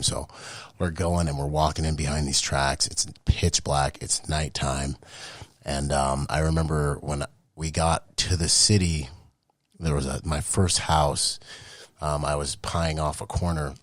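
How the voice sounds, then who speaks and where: A man in his late thirties with a very low, deep voice tells his story casually, in slang. He jumps into animated voices and sound effects as he goes. The recording is close and dry, with no room sound. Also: unhurried, dry recording. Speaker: podcast guest, Marine veteran.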